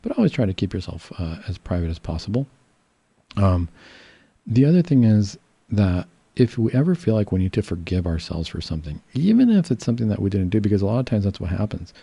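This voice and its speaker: A male psychiatrist giving a casual educational talk, calm and reassuring, explaining patiently with fillers and restarts. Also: lowish voice, a little fast, creaky, breathy edge, no room sound.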